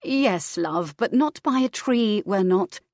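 A woman voicing a calm, practical woman doctor who speaks in a reassuring, matter-of-fact way. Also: medium pitch, slow, dry recording, studio quality, pitched above the performer's own voice.

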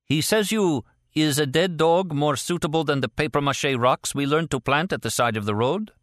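A man doing a shrill, excited male interpreter. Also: normal speed, no echo, clean studio sound, natural voice. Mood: eager. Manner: high, shouting, broken English.

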